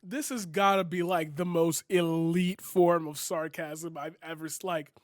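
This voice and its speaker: Incredulous young man with a high, dry voice. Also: steady tone, a little slow, no room sound. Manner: incredulous, sarcastic, profane, lots of "like" and "bro". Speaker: commentary streamer. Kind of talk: reaction commentary.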